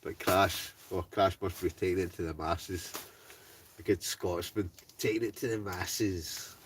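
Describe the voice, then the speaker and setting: A man's voice: sits low, steady tone, measured pace, recorded from a distance, a little hiss or hum. Scottish man chatting from a tent. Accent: Scottish, Ayrshire. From Scotland. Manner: chatty, laughs often, reads out viewer names. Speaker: wild camping livestreamer reading chat. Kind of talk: casual livestream chat. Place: inside a heated tent in the snow.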